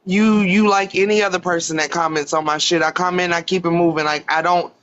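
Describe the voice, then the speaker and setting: Guy with a high voice, blunt, unbothered, muffled stream audio. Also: brisk. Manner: blunt, calmly dismissive. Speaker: live streamer. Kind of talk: heated live stream call.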